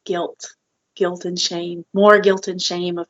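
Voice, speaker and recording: A woman's voice: lowish voice, level tone, slow pace, lo-fi sound. A woman co-hosting a podcast, talking earnestly and openly about her feelings in casual chat. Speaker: podcast co-host.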